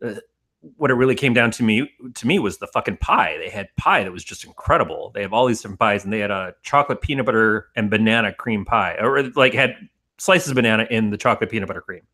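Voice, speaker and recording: A man's voice: lowish voice, fast, sharp tone. A man co-hosting a podcast, rambling in casual, profane banter and laughing often. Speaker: podcast co-host.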